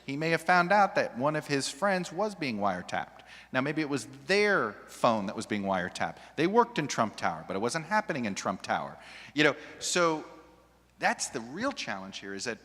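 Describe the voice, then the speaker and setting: Male journalist panelist, animated and restarting often, with a bright voice in a reverberant hall. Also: medium pitch. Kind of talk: panel discussion. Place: large hall with an audience. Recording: long reverb of a large hall.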